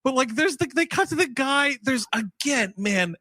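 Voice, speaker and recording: A man's voice: very high voice, animated, moderate pace, pushed and bright, dry recording, clean studio sound. A man co-hosting a casual movie review podcast, ranting and swearing, slipping into mocking impressions. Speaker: podcast co-host.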